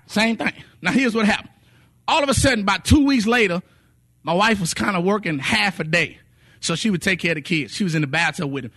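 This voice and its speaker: A man's voice: sits high, quick pace. A man preaching a sermon, telling testimonies with acted quotes and sung phrases. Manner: animated storytelling, voices quotes, sings some phrases.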